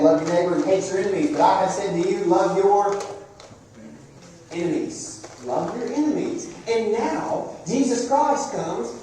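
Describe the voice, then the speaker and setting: A man delivers a sermon with a mellow, warm tone, often turning to the congregation with questions. His voice carries through a very echoey church sanctuary, and the mic picks him up from some distance away. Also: high-pitched, a little hiss or hum. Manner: conversational, asks the congregation questions. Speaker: preacher.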